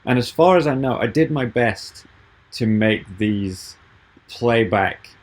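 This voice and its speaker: A man giving a software tutorial over a video call, explaining each step patiently. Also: medium pitch, expressive, takes it slowly. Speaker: app developer giving a tutorial.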